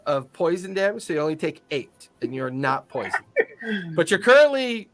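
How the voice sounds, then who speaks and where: A man with a fairly high voice runs a tabletop game, describing the action in a playful way. He laughs often while he narrates. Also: big pitch swings, normal speed, crowd noise. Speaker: game master.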